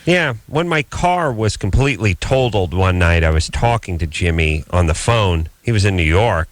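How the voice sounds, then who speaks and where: Deadpan radio co-host, lowish voice. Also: male voice, moderate pace, no room sound. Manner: dry, deadpan storytelling with lively swings in pitch. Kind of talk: casual late-night radio banter. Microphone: studio broadcast microphone.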